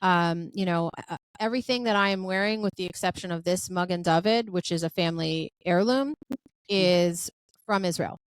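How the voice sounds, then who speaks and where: With a fairly low, clear and resonant voice, a woman hosts a podcast at normal speed in an echo-free recording. She chats casually and effusively, using many filler words, and acts out quoted dialogue as a lively storyteller.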